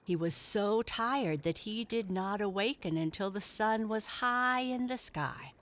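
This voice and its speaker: A woman narrating a children's storybook in a gentle, measured reading. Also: medium pitch.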